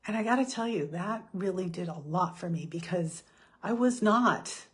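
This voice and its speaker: A middle-aged woman giving a chatty motivational talk, self-deprecating and quick to laugh. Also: lowish voice, husky. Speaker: speaker.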